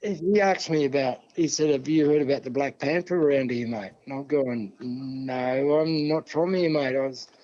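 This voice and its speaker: An older man from New South Wales with an Australian accent, telling a long story in a relaxed interview and acting out the dialogue. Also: mid-range voice, normal speed, few pauses. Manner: yarning, acts out dialogue, many "see?" and "mate". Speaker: guest elder. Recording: dull lo-fi sound.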